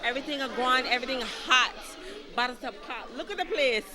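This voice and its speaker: A woman's voice: sits high, expressive, fast talker. A woman talking playfully at a party. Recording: loud crowd at an outdoor party.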